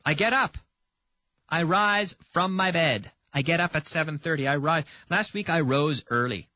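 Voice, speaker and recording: A man's voice: fairly high pitch, normal speed, bright, forceful tone, no room sound, highs cut off. A man from Canada teaching an English grammar lesson on video. He repeats example sentences and checks in with the viewer by asking "okay?".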